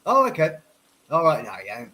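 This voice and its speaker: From his home office, this livestream host talks at normal speed in a fairly high, pushed and bright voice with huge pitch swings, captured on a rough recording. Congested from a cold and a few whiskeys in, he rambles and keeps restarting his words.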